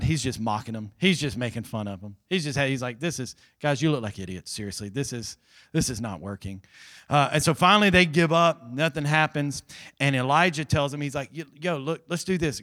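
A middle-aged male pastor preaching a sermon to a live congregation in a church, telling a Bible story with lively emphasis, swinging between loud pushes and low, quiet asides. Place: church hall with live audience.

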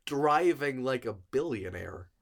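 A man co-hosting a podcast, teasing in a dry, deadpan way. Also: mid-range voice, slow pace, gravelly. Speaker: podcast co-host. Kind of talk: casual podcast banter.

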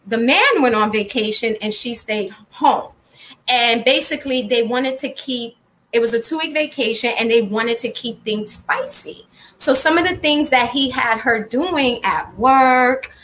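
Female co-host, high and bright voice, candid and chatty. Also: a little slow, a little hiss or hum. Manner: frank, chatty, reads viewer comments aloud. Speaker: podcast co-host and blogger. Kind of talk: candid casual chat.

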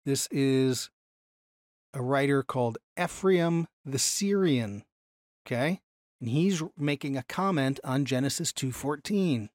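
A man teaching a Bible class from slides in an animated way, slowing down to stress key phrases. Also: mid-range voice, no echo, studio quality.

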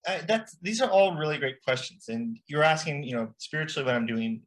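A young man with a fairly high, fairly bright voice talks a little fast with lively intonation. Co-hosting an improvised comedy podcast, he explains nonsense like a mock expert, rambling and full of fillers.

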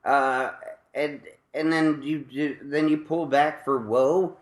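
A man's voice: fairly high pitch, steady tone, slow. A man hosting a casual chat, rambling and joking at his own expense, with lots of fillers and laughs. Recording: echoey room.

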